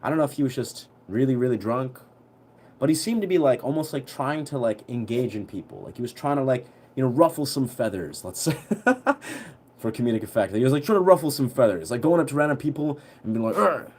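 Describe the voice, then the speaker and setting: A young man telling a story on a livestream in a relaxed, rambling way, full of fillers. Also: medium pitch, a little fast. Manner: rambling, heavy on fillers, laid-back.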